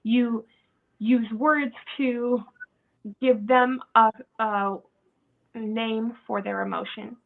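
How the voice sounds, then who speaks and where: A woman's voice: a little high, fairly even intonation, very slow, creaky, pauses often. A woman chatting casually on a podcast, acting out bits of quoted dialogue and laughing often. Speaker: podcast host. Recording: tinny phone-like audio.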